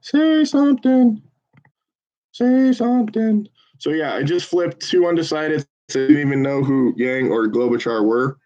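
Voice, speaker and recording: Guy phone banking on a stream, swears a lot, rambles, salesman pitch on calls, muffled lo-fi audio, average pitch. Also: fairly even intonation, moderate pace, few pauses, a little mellow. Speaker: volunteer phone banker for a campaign. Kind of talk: casual livestream chat with live phone calls.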